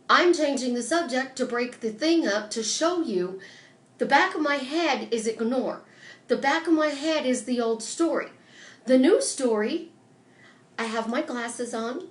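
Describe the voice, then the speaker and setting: Woman life coach, motivational live stream delivery, animated and emphatic, high voice, echoey room sound. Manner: emphatic and animated, acting out little dialogues.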